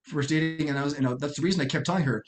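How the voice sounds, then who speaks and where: A middle-aged man from the United States, a podcast guest telling a personal story in an earnest, halting way with many restarts. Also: on the high side.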